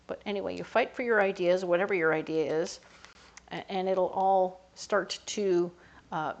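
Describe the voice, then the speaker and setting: A woman giving a casual tarot reading in a chatty, conversational way, sometimes slipping into little voices for the people she talks about. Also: on the low side. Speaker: tarot reader.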